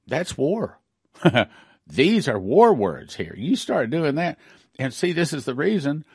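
A man's voice: fairly high pitch, very animated, takes it slowly, breathy edge, no room sound, studio quality. A middle-aged man giving emphatic news commentary with a prophetic bent, repeating and rereading his points.

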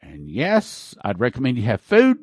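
A man's voice: medium pitch, huge pitch swings, normal speed, darkish tone, dry recording, clean studio sound. A man hosting a prophecy broadcast, preaching fervently and hammering his points with repeated words. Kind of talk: preaching talk with ad reads.

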